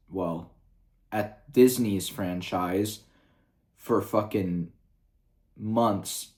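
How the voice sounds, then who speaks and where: A man talking in a casual review vlog, rambling and swearing freely, with lots of "like" and "you know" fillers. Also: medium pitch. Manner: rambling and profane, heavy with fillers. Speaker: video reviewer.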